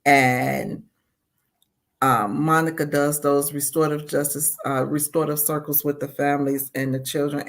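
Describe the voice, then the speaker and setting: A woman being interviewed as a community advocate, speaking in a heartfelt, earnest way and often saying "you know.". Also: deep voice. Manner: heartfelt, repeats "you know", voices her own thoughts aloud.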